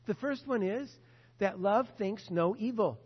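High-voiced preacher in an echoing hall. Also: male voice, unhurried, breathy edge. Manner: earnest, emphatic, repeats key points. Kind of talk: sermon. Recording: dull lo-fi sound with long hall reverb.

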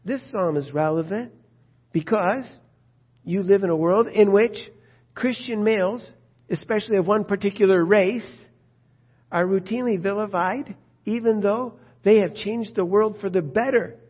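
A husky, rather high-voiced man preaches with passion, pressing question after question on his listeners. The recording is dull and lo-fi, and his tone keeps an urgent edge throughout. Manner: impassioned, rhetorical questions. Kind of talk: sermon.

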